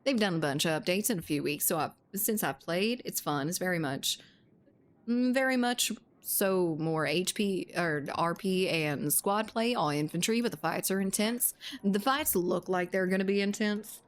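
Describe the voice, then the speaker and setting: A woman's voice: on the low side, lively intonation, normal speed, a little hiss or hum. A woman game streamer in casual live-stream chat, laughing often, swearing freely and answering her viewers.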